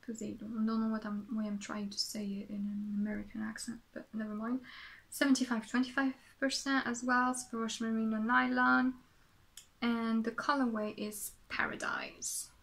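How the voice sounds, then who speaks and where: A woman's voice: fairly high pitch, little pitch movement, normal speed, creaky, a bit bright. A woman from France with a French accent, chatting casually as a podcast host, rambling and correcting herself as she goes. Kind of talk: casual show-and-tell chat.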